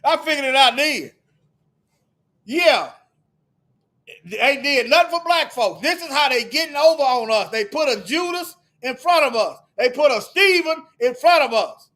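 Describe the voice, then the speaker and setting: A man delivering a heated, preachy monologue to his viewers, firing off repeated rhetorical questions and sometimes shouting. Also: extremely high pitch, lively intonation, normal speed. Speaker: video commentator.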